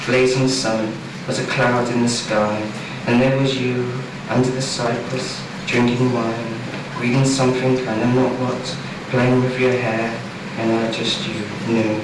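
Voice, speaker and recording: A man reciting his poetry in a measured, rhythmic way at a small club night, recorded from across the room. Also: mid-range voice, flat delivery. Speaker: poet and host. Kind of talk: poetry reading. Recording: far-off echoey live room recording with background noise.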